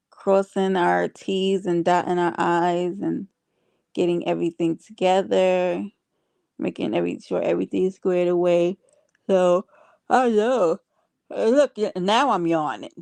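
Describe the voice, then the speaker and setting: A woman's voice: lowish voice, fairly even intonation, takes it slowly, creaky, a little mellow, dry recording. A woman hosting a casual livestream, chatting with viewers and reading their comments aloud. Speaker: livestream host.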